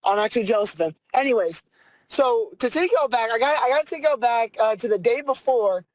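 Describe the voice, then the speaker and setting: Young fast-talking podcast host. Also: mid-range voice, no room sound, low-quality recording. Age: young adult. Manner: profane, ranting, quick and animated. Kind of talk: casual comedic storytelling.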